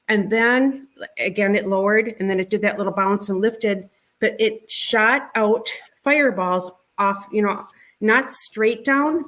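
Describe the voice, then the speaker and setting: A middle-aged woman tells a personal story as an interview guest. Her voice sits in a plain, middle pitch. She talks in a halting, conversational way, repeating words and starting over as she goes. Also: fairly bright tone. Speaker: interview guest recounting a sighting.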